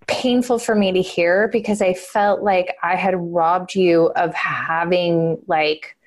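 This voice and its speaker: A woman talking casually and earnestly on a podcast about her own experience, full of "like" and filler. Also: medium pitch. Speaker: guest, host's wife.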